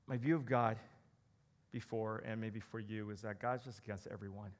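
A man delivering a conversational sermon as a pastor, animated and joking, slipping into quoted voices. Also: lowish voice, normal speed. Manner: animated, conversational preaching with jokes and acted quotes.

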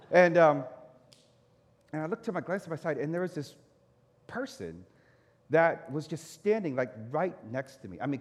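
A man who is a pastor, telling a personal story in a sermon and acting out his own reactions. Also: fairly high pitch. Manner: animated storyteller, acts out his own anger. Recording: echoey hall reverb.

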